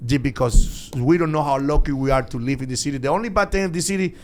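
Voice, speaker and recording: A middle-aged man talking as a guest in a podcast studio, animated and laughing often, speaking English with loose, non-native grammar. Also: on the high side, fast. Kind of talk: casual podcast chat.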